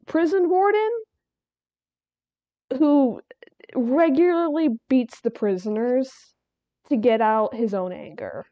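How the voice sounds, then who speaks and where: A woman's voice: high voice, no room sound, highs cut off. A woman streaming while she draws, chatting casually in a rambling way, laughing and restarting her sentences. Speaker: artist streamer.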